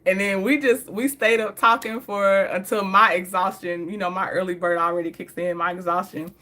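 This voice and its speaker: A woman's voice: mid-range voice, steady tone, moderate pace, sharp tone. A woman telling stories in a casual, chatty way, often laughing and talking straight to her viewers. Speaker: vlogger. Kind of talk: casual story time.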